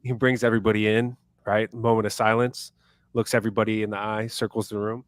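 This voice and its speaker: A man's voice: fairly low pitch, flat delivery, fairly quick, dry recording, studio quality. A man co-hosting a sports podcast who gives blunt opinions and retells anecdotes. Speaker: podcast co-host. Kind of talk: casual sports chat.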